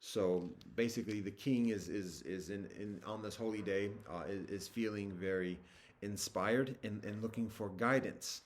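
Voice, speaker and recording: A man with a lowish voice walks listeners through a scripture. He reads passages in a formal tone, then retells them casually and hesitantly, full of fillers and restarts. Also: normal speed. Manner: alternates formal scripture reading with loose slangy retelling. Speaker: teacher walking through a scripture. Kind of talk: casual reading and explanation of a sacred text.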